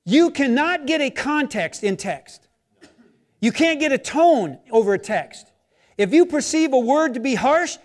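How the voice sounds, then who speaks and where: A male pastor preaching a sermon in an animated, conversational way, acting out imagined inner voices and moving between loud emphasis and quiet, intimate asides. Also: extremely high pitch, a little slow.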